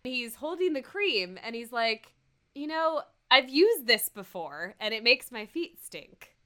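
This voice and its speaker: A woman with a bright, clear voice that rides a little higher than most, chatting casually on a podcast. Her pitch swings widely as she recaps a TV episode, laughing often and acting out lines from the scenes. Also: sing-song, measured pace. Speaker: podcast co-host.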